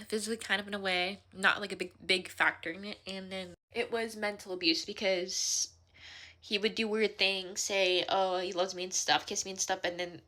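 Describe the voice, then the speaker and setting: Fast-talking young woman vlogging tearfully. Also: mid-range voice, fairly even intonation, pushed and bright, a little hiss or hum. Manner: rambling, breathless and scattered. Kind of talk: emotional get-ready-with-me confessional.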